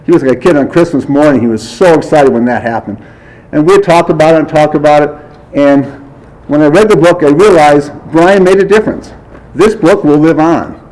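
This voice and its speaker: A man's voice: fairly high pitch, brisk, darkish tone, low-quality recording. A man giving a eulogy for a friend at a memorial service, telling anecdotes in a chatty way, acting out bits of dialogue and chuckling often. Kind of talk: memorial speech, anecdotal storytelling.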